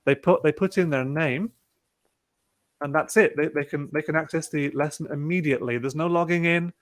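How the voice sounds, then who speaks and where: A man leads an online workshop for teachers, explaining each step of a lesson-building tool in an unhurried, easygoing way. His voice sits a little high for a man, and he talks as if over a video call. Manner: relaxed, talks through clicks step by step with fillers. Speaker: presenter demonstrating a teaching platform. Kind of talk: casual online webinar demo.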